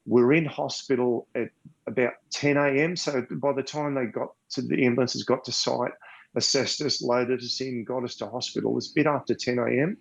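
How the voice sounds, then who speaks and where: A man's voice: medium pitch, fairly even intonation, normal speed, gravelly. An older Australian man telling a long story as a podcast guest, rambling and repeating words, sometimes emotional. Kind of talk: casual storytelling. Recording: dull lo-fi sound.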